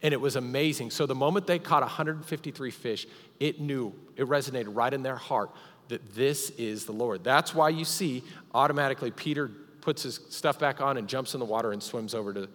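A male pastor delivers a sermon at a live church service, retelling a story with dramatic emphasis and insistent repetition. His voice sits at a middle pitch. It trails off into the long reverb of a church hall. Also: fairly quick, fairly bright tone.

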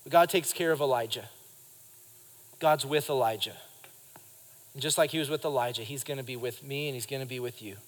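A man's voice: medium pitch, brisk, long pauses. Man preaching in a reverberant church. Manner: lively preaching, acts out quotes and addresses the congregation. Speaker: pastor. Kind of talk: sermon. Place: church sanctuary during a live service.

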